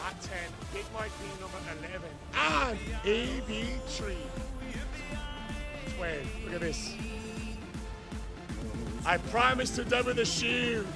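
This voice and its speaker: A man streaming a game live, loudly toasting and thanking his chat with shouted cheers. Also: high-pitched, slow, vocal fry, pauses often, over music. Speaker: gaming streamer.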